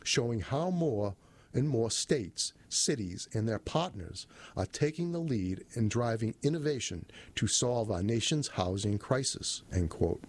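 A man reading a city news release aloud in a steady manner, lifting his voice for quoted passages and correcting his own slips. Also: mid-range voice, measured pace. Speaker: reader of a city press release.

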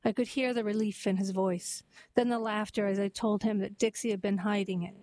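A woman narrating a heartwarming story and then reading a poem aloud in a gentle, even storytelling manner. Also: mid-range voice, brisk, no room sound, rough recording.

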